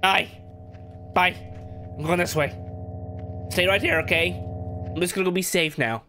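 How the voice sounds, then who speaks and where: A man's voice: sits high, normal speed. A man commentating on a horror game as he plays, talking to himself and yelping at scares. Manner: jumpy, talks to himself, yelps. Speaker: gameplay commentator. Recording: game music under voice.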